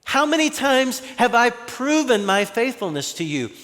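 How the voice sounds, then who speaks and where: A man voicing Jesus as a gently exasperated teacher asking a follower pointed rhetorical questions. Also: very high-pitched, very animated, moderate pace, in a large hall, voice pushed up, heavily acted. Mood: chiding.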